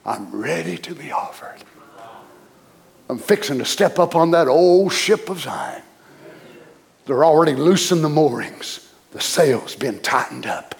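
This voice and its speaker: A man voicing an aged male apostle who is calm and unafraid of death, in a homely drawl. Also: a little high, a little slow. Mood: serene.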